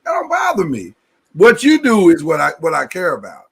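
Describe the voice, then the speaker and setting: A man hosting a podcast in casual chat, animated and joking, often repeating himself. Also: high-pitched, moderate pace, gravelly, breathy edge. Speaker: podcast host.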